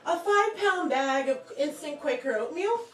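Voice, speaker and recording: Young female storyteller, high and lively, echoey bar room. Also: normal speed, a little hiss or hum. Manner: chatty, laughing, animated. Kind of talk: live storytelling. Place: small bar performance room. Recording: echoey room, distant mic.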